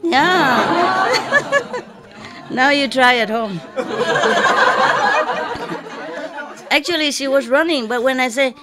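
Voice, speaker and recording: Slow-talking woman teacher, joking lecture tone, audience audibly laughing behind. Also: high voice, expressive, a loud crowd, very noisy. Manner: playful, joking storyteller who imitates cat meows. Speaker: spiritual teacher giving a lecture. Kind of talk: informal lecture anecdote to an audience.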